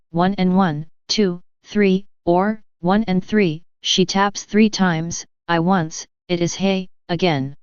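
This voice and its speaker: A woman narrating an audiobook, reading poems and their commentary in a measured, even voice. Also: on the low side, clear, resonant tone, no echo. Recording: dull, lo-fi audio.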